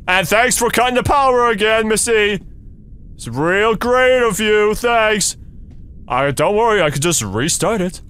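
A man's voice: sits high, fairly bright tone. A young man playing a horror game, talking sarcastically to the game, swearing and yelping at scares. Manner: jumpy, yelps and nervous laughs. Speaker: gaming streamer.

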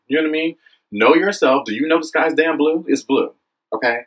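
A young man with a husky, slightly breathy voice speaks straight to the camera in an impassioned vlog. He is earnest and preachy, keeps checking in with the viewer, and his pitch leaps up when he gets worked up. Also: fairly quick, low-quality recording. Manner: earnest, preachy, frequent "okay?" and "you know what I mean?"; animated, swings high when excited. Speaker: vlogger. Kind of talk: impassioned direct-to-camera monologue.

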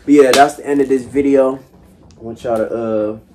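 A young man hosting a casual chat, laid-back and swearing freely, saying he is high. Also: fairly even intonation, moderate pace, dark tone. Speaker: podcast host.

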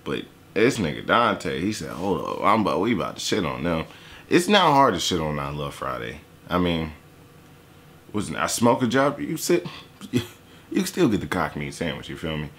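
Joking low-voiced young man reacting. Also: very animated, normal speed, fairly bright tone. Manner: loose, joking, swears a lot, voices mocking impressions. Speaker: YouTuber reacting to a diss track. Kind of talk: casual profane reaction commentary.

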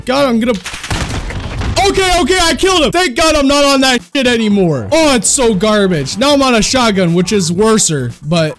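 A man giving raging gameplay commentary as a gaming YouTuber, in whiny, yelling rants that often mock himself. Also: very high voice, expressive, normal speed, slight background noise.

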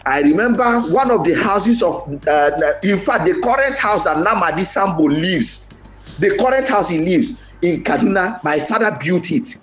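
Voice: mid-range voice, lively intonation, normal speed, a bit bright, soft background music. A commentator with a Nigerian accent, giving impassioned voice-note commentary, dramatic and lamenting, repeating phrases and exclaiming. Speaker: online commentator.

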